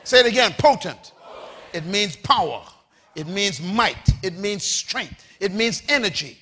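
Male preacher, very high, bright and piercing, animated pitch, call-and-response sermon that rises to shouts. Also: unhurried, a little hiss or hum. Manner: spells out words for the congregation.

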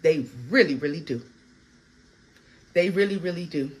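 A woman giving a casual, animated tarot reading, blunt and full of profanity. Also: lowish voice, moderate pace. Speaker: tarot reader.

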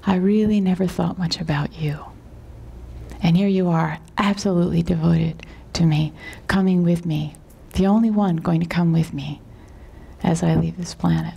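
A woman voicing a frightened dying man in a parable, who pleads slowly for company. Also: a little high, fairly even intonation, gravelly, mellow, a little hiss or hum. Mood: grateful. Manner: pleading, slow. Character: frightened dying old king pleading with wives.

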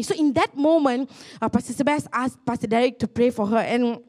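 High-voiced woman preaching earnestly. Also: a little fast, hardly any pauses. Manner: earnest storytelling, with repeated restarts and rising excitement. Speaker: pastor. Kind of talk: sermon testimony.

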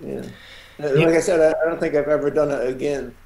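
A man with a gravelly, mellow voice, recalling his methods as a guest comic artist. He speaks in a measured, halting way. He sounds like he is in an echoey room. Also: on the high side, steady tone. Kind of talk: casual chat.

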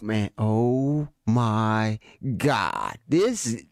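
Excitable reaction host, slow and dry. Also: mid-range voice, no room sound. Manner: excitable, exclamatory. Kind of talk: music reaction commentary.

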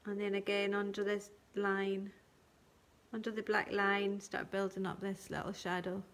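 A woman teaching colouring and shading on a live stream, talking gently step by step and thanking viewers by name. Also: mid-range voice, monotone, unhurried. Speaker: craft tutor.

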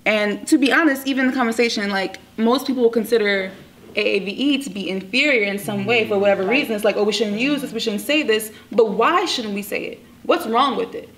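A young woman student panelist in a casual discussion, talking in a quick, emphatic, challenging way. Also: a little high, a bit bright. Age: young adult.

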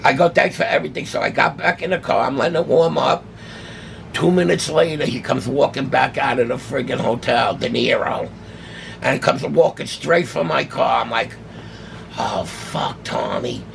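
A man's voice: on the high side, gravelly, a little hiss or hum. An older man, telling a long story casually and acting out the dialogue as he goes. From New York City. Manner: animated, acts out quoted dialogue. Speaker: guest, autograph collector.

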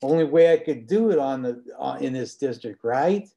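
A man's voice: mid-range voice, animated, moderate pace, gravelly, warm tone, lo-fi sound. A man voicing a proud, scheming male militia captain who talks up his plans boastfully. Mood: persuasive. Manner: boastful, persuasive, rising enthusiasm.

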